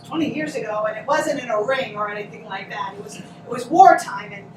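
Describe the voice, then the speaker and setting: An actress playing a brash, hard-drinking middle-aged woman in a live stage play, loud and mocking with boisterous laughter. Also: mid-range voice, fairly quick, natural voice. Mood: storytelling. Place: theatre stage. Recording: roomy stage audio from far off with noise.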